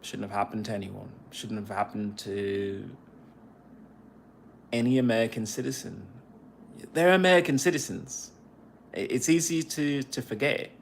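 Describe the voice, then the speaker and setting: A man, a veteran podcaster, talking on a cell phone in a casual livestream monologue, halting and repeating phrases as he vents. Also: on the low side, creaky, slight background noise.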